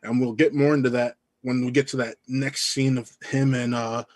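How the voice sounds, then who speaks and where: A man's voice: mid-range voice, little pitch movement, normal speed, a little mellow, no room sound. A man chatting casually on a podcast and chiming in with short agreements. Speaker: podcast co-host. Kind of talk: casual chat.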